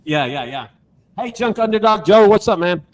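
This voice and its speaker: A man's voice: high voice, expressive, moderate pace. A man hosting a casual chat, joking and telling a story with animation. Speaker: host. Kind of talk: casual video call chat.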